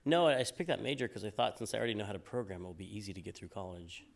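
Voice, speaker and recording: Deep-voiced relaxed man. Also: racing, vocal fry. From United States. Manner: relaxed, rambling, many fillers and restarts. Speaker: game designer guest. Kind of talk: casual interview on stage.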